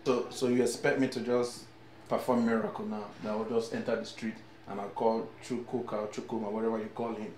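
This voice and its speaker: A man's voice: lowish voice, flat delivery, brisk, a little hiss or hum, natural voice. Man playing an exasperated immigrant. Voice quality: lecturing, scolding. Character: exasperated Nigerian man living in Houston. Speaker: host of a stranded relative. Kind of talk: film acting. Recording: echoey room with loud music.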